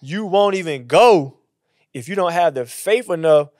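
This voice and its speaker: A man who is a pastor, chatting about faith in a casual, animated way and acting out quotes in a higher voice. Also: unhurried, dry recording, clean studio sound. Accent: Southern US.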